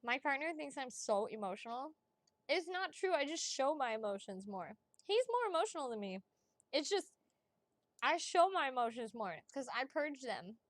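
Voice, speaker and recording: Chatty excitable woman, higher voice. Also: moderate pace, no room sound. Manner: chatty and excitable, laughs often; blunt, swears casually. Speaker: psychic reader. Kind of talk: casual livestream chat.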